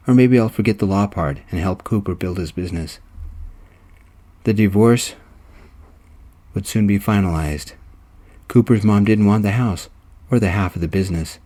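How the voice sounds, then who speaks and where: A man reading his own romance story aloud, steady and even. His voice is low and mellow, with a soft, dark warmth. The narration is scripted and calmly paced. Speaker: storyteller and reader.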